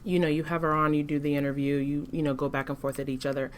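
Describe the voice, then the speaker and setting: A woman co-hosting a casual commentary chat, speaking in a thoughtful, measured way. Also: deep voice, level tone, a little hiss or hum. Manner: thoughtful, measured, some restarts. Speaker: co-host.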